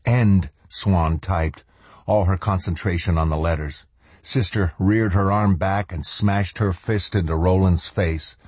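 Deep husky male audiobook narrator. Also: steady tone, a little mellow, no echo. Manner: measured, slows for dramatic moments and voices the characters' lines. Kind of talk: scripted dramatic narration.

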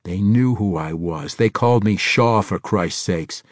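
A man reading a novel aloud and voicing a terse, hard agent on the run, flat and clipped. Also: deep voice, normal speed, breathy edge, no echo, studio quality, full character voice. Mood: tense. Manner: flat and terse, rising to shouting.

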